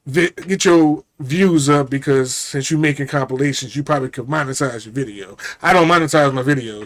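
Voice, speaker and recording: A man's voice: fairly high pitch, no room sound. A man hosting a reaction video, talking loosely and thinking aloud as he reacts. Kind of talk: casual reaction commentary.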